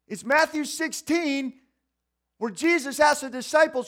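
A man preaching a sermon in an animated way, acting out the voices of the people he quotes. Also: very high-pitched, a little slow. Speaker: pastor.

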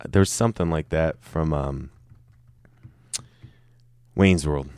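A man's voice: a bass voice, slow pace, darkish tone, clear, resonant tone, no room sound, studio quality. A man talking alone in an offhand, joking way, swearing a lot and tripping over his words. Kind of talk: casual off-the-cuff monologue.

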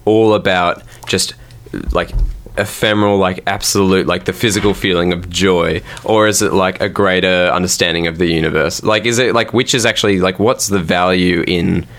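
A man's voice: low voice, fairly even intonation, normal speed, fairly bright tone. A young man in a casual debate, thinking aloud in a rambling way with lots of fillers.

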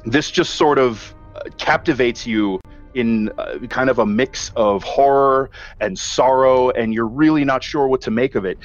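A man with a mid-range voice narrates a tabletop game as its game master at a measured pace, painting the scene vividly despite small hesitations. Faint music plays under the dull, lo-fi recording.

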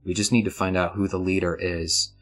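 A man's voice: sits low, little pitch movement, brisk, faint music behind. A man voicing a serious woman gang leader who gives orders in a businesslike way, with hesitant restarts.

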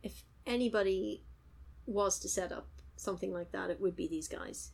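A woman's voice: medium pitch, normal speed, gravelly, a little mellow, husky. A woman co-hosting a podcast, casually recapping a TV episode, laughing often and acting out the characters' lines. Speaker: podcast co-host.

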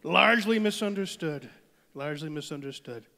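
A man's voice: fairly high pitch, lively intonation, normal speed, vocal fry, bright, forceful tone, heavily acted. A man doing a brash boastful politician impression. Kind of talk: stand-up impression. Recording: long hall reverb.

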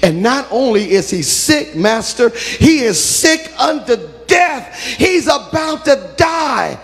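A man's voice: sits high, expressive, a little slow, vocal fry, in a large hall, voice pushed up, full character voice. A man doing a breathless anxious messenger. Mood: urgent. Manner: urgent, earnest, out of breath.

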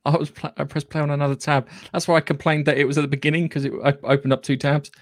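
A man's voice: fairly high pitch, level tone, very fast. A man co-hosting a podcast in a casual, sweary, rambling chat. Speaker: podcast co-host.

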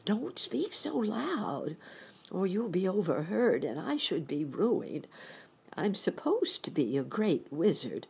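A frightened little old wizard stammers and pleads in a shaky, lifting voice, as a woman reads him. The voice is husky and slow, swinging widely up and down. He sounds like a storybook fraud caught out. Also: fairly low pitch, sing-song, darkish tone, pitched above the performer's own voice, heavily acted. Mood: trembling. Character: timid little old male wizard, a humbug.

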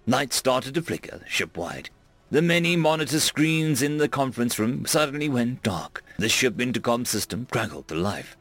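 A man's voice: medium pitch, big pitch swings, normal speed, fairly bright tone, dry recording, soft background music. A man narrating a sci-fi story in a casual, offhand way. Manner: casual, fillers between voices.

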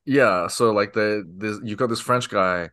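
A man's voice: fairly low pitch, measured pace, sharp tone. A man co-hosting a casual movie podcast, telling a story with enthusiastic, rambling energy. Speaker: podcast co-host.

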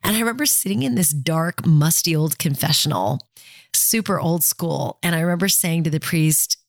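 A woman's voice: sits low, normal speed, no room sound, clean studio sound. A woman in her fifties giving candid, conversational personal advice and talking straight to her listeners.

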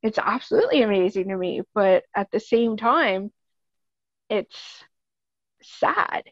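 A woman's voice: medium pitch, expressive, measured pace, fairly bright tone, no echo, lo-fi sound. A woman with a Canadian accent, speaking as a podcast guest in casual, earnest, rambling chat, laughing often.

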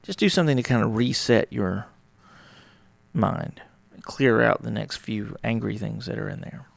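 Podcast host, male, gravelly with heavy fry, casual and rambling, dry close sound. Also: mid-range voice, normal speed, dry recording. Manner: rambling, conversational, acts out little dialogues. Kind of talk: casual solo talk on relationships.

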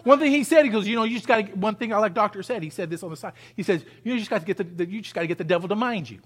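Male pastor, very high voice, sermon, rising intensity, call-and-response. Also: rapid-fire. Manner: acts out pleading voices.

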